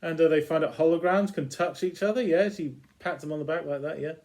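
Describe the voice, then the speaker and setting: A man's voice: on the high side, fairly quick, darkish tone. A man casually retelling a TV episode as a reviewer, chuckling between lines.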